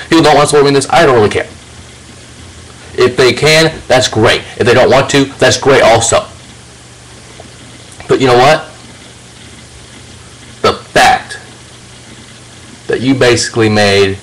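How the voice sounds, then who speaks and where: A man's voice: medium pitch, fairly bright tone, rough recording. A man delivering an angry, profanity-filled rant to camera, confronting a rival directly. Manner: confrontational, swears heavily, addresses a rival directly. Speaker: video channel host.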